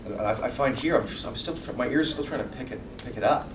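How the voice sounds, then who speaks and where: An actor on a convention panel answers fan questions in a quick, mid-range voice, telling stories casually and cracking jokes while doing accent impressions. The large hall makes the recording echoey and noisy, and the mic sounds distant.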